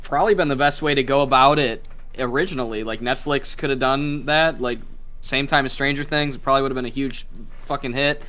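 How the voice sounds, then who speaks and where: A man's voice: mid-range voice, brisk, bright, forceful tone. A man speaking as a guest on a casual podcast, loose and profane, rambling through his points.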